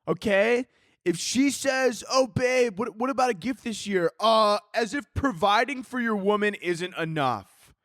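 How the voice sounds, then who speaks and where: A man voicing a hyped-up macho alpha-bro advice guru, preaching loud and drawn out. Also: high-pitched, dry recording, studio quality, voice pushed up.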